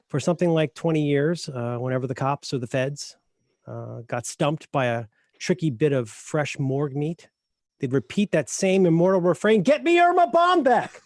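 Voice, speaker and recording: A man giving a deadpan comic introduction before a reading, halting and dry with frequent ums. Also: medium pitch, no room sound. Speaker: guest author and podcaster.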